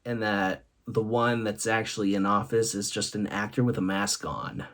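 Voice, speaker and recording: A man's voice: lowish voice, fairly even intonation, moderate pace, a bit bright. A man hosting a vlog, telling comic stories and laughing often between punchlines. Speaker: host. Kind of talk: comic storytelling monologue.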